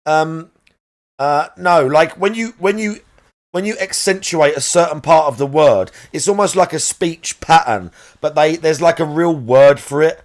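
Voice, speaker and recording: A man's voice: on the high side, measured pace. A man streaming a game live, chatting casually and rambling as he searches aloud for the right words. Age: adult parent.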